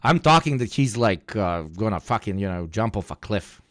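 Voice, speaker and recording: A man's voice: fairly low pitch, animated, normal speed, a bit bright, no room sound, clean studio sound. A man casually reacting on a live stream, crude and loose, often laughing.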